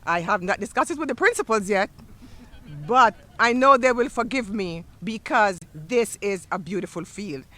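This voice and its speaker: A woman school superintendent speaks at a ceremony on an outdoor field, with a lively, joking manner. She talks straight to the crowd. Her voice is bright and edged. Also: medium pitch, moderate pace. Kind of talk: ceremony speech.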